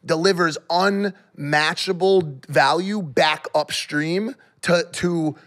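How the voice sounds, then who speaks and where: A man co-hosts a podcast in loose, casual chat, with a voice a little higher than most men's. He rambles, restarts his sentences and fills the gaps with "like" and "you know.". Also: fairly bright tone. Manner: rambling, halting, many fillers and profanity. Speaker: podcast co-host.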